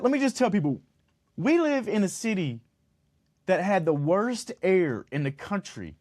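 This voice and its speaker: Congested, animated podcast host guy. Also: high voice, a little slow. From lives in Utah, lived in Los Angeles. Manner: animated, rambling, jokey. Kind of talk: casual podcast chat.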